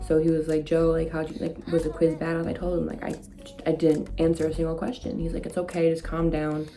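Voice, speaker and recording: A young woman with a low, dark, mellow voice tells a story to her vlog audience in a loose, chatty way, full of "like" and quoted back-and-forth. Soft music plays faintly behind her. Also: completely flat delivery, quick pace. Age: young adult. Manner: chatty, with many "like"s and quoted dialogue. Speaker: vlogger. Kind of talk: casual storytime.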